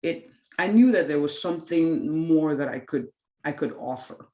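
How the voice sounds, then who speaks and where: A woman's voice: low voice, expressive, moderate pace, warm tone, echoey room. A woman in her thirties, a physician and clinic founder, tells her story with candid earnestness in an interview and acts out her own past thoughts. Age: 30s.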